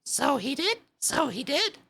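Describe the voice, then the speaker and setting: A gruff, impatient male Griffin from a storybook, played by a woman, barking out brusque exclamations. The voice sits high and forceful with a gravelly rasp. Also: sing-song, measured pace, slight background noise, exaggerated voice.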